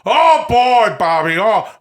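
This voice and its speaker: A man doing a comic impression of an excitable older male film star who keeps loudly exclaiming the same two words. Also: high voice, voice pushed up, exaggerated voice. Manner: loud repeated exclamations.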